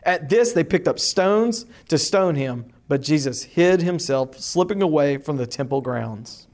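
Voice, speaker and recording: A man teaching a class, reading a long scripture passage aloud slowly and deliberately, with emphatic rises on key lines. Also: on the high side, animated, a little mellow.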